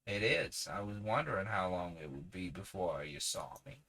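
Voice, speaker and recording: A man voicing a gentle, ragged woodland tramp who speaks in a slow drawl, in a storybook reading. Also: low voice, very animated, voice pushed down, full character voice.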